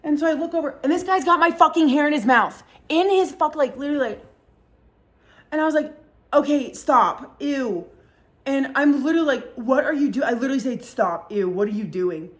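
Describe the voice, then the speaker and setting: A woman's voice: high-pitched, fast. A young woman hosting a casual chat show, telling a story with lots of swearing and acted-out quotes. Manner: animated, swears a lot, acts out quotes in mocking voices. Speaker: podcast host.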